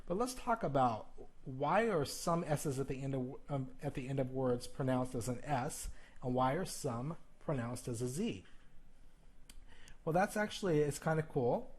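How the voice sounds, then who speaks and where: A man's voice: medium pitch, moderate pace. A male teacher explaining plural sounds in a video lesson, talking straight to the viewer, checking in with "okay?" and exaggerating the sounds he demonstrates. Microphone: recording while flipping through a textbook.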